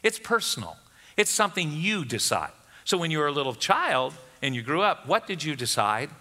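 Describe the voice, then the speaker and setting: Man preaching, high bright voice, punchy, big church echo. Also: very animated, moderate pace. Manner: emphatic preaching, rising for questions. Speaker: pastor. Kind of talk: sermon. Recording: long hall reverb.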